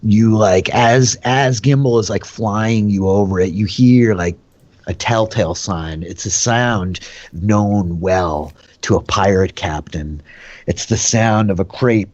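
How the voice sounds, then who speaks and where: Male game master, slow, dry close sound, loose storytelling. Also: on the low side, darkish tone, no echo, dull audio. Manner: loose, filler-heavy storytelling. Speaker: dungeon master and host. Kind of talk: narrating a tabletop game.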